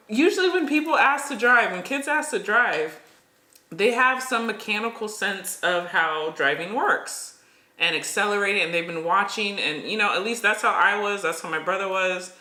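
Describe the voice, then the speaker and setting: A middle-aged podcast co-host telling a story in casual chat, animated and breaking into nervous laughs. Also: mid-range voice, normal speed. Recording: echoey room.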